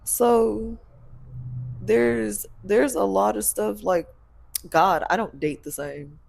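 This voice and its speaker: Gravelly-voiced blunt woman host. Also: medium pitch, slow, darkish tone. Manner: blunt, preachy, laughs often. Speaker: podcast host and spiritual practitioner. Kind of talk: casual chat.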